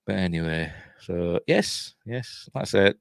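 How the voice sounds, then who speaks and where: A Yorkshire man hosts a casual live stream and chats in a rambling, chatty way, laughing often. His voice is on the low side but swings widely in pitch. The sound is dry and close-miked. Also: animated, takes it slowly, vocal fry, dry recording. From Yorkshire, England. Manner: rambling, chatty, laughs a lot, reads out viewer comments. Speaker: host of a live news stream.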